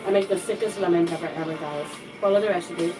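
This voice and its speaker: A woman's voice: on the low side, fairly even intonation, fast talker, distant mic, music in the background, rough recording. A woman co-hosting a home cooking channel, chatting while eating and thanking viewers, her voice still a bit worn out from being unwell. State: voice still not fully recovered. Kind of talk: casual chat while eating.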